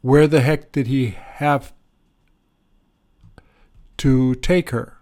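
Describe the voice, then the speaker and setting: Male English teacher, slow and deliberate delivery, mid-range pitch, explanatory lesson tone. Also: fairly even intonation, mellow. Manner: slow, deliberate, with pauses and fillers.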